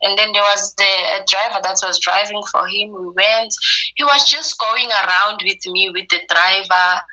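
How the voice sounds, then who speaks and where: A woman's voice: medium pitch, moderate pace, poor audio. A woman telling a personal story, acting out the things people said to her. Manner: quotes herself and others in a lively retelling.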